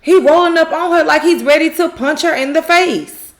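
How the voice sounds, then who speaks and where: A woman with a slightly high voice recaps a TV drama episode in a loose, conversational way. She retells each scene with plenty of animation, slipping into the characters' lines and laughing along the way. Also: moderate pace. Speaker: recap YouTuber. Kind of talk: casual TV recap.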